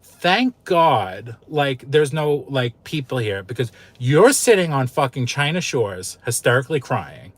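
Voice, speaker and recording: A man's voice: medium pitch, big pitch swings, a little slow, no echo. Candid, foul-mouthed man telling a story. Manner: candid, emotional, swears freely. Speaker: YouTube channel host. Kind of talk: casual storytelling vlog.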